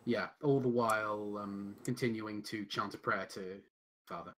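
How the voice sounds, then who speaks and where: A man in a tabletop game session describes his character's moves step by step. His talk is careful and deliberate, full of hesitations. A faint hiss of noise sits under his mic. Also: lowish voice, steady tone, fairly bright tone. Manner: lots of fillers, careful and deliberate. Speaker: player.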